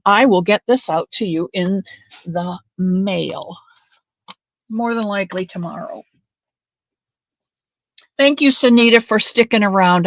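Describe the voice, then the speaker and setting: The recording has no echo and its highs are cut off, carrying a woman's mid-range voice. She hosts a laid-back crochet livestream from her home craft room, chatting with viewers by name and drifting off-topic.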